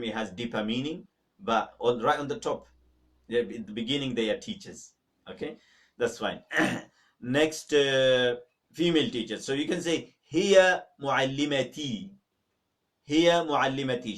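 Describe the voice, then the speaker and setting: A male teacher leading an online Arabic lesson at a measured, drilling pace. He repeats each word and has the students echo it, then urges them firmly to keep practising. His voice sounds a little distant from the microphone. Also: medium pitch. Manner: drills words slowly, makes students repeat; emphatic, exhorting. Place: mosque teaching room. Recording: voice a little far from the mic.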